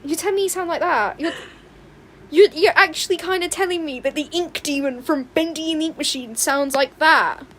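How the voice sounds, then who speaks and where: A young woman chatting on a livestream while she draws, excitable and rambling, often squealing and laughing. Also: sits high, normal speed, slight background noise. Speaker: livestreaming artist. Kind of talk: casual stream chat while drawing. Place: home room with open window.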